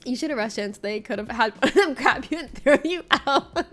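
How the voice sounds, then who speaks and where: A woman's voice: high voice, expressive, fairly quick, fairly bright tone, faint music behind. A woman from Florida chatting casually with her viewers during a livestream, telling stories and laughing often. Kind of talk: casual chat with viewers during a game stream.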